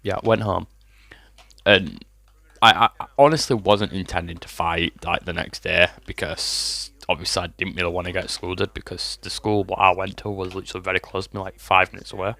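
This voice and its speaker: A man's voice: low-pitched, fairly even intonation, brisk, creaky, bright, forceful tone, no room sound. A man, telling a rambling, sweary storytime to his vlog audience while fighting a cough. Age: 20s. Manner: rambling, swears often, lots of fillers. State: has a cough. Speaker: vlogger.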